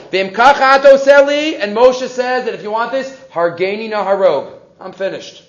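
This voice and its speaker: A man teaching an evening Torah class, lively and animated, acting out the quoted speeches and mixing in Hebrew terms. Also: high voice, normal speed, hardly any pauses. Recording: roomy, dull lo-fi class recording.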